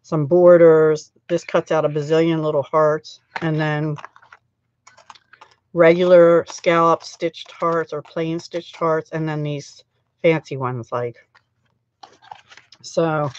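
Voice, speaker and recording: A woman's voice: sits low, steady tone, takes it slowly, muffled recording. Chatty middle-aged woman with scratchy throat. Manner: rambling, chatty, narrates her crafting steps. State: scratchy throat, recovering from a cold. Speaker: craft channel host. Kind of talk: chatty live crafting stream.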